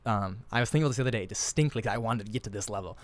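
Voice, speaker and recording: A man with a lowish voice talks at a racing pace in a dry recording. He's a podcast host in casual chat, earnest and rambling, often repeating himself and restarting his words.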